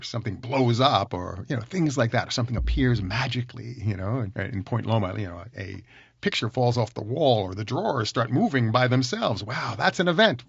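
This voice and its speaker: A man's voice: medium pitch, creaky, breathy edge, no room sound, muffled recording. A man hosting a solo podcast, teaching in an enthusiastic, emphatic way and repeating his key points. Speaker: podcast host.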